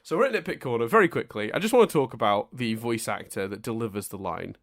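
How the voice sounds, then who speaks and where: A man co-hosting a casual podcast chat, his voice swinging widely in pitch as he rants. He sits at a middling pitch, self-mocking and quick to laugh at his own gripes. His runs all through the conversation. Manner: animated, self-mocking, ranting. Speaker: podcast co-host.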